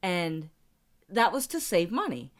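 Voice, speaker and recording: A woman in casual chat with her spouse, animated and playful, laughing often as she talks. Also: fairly low pitch, unhurried.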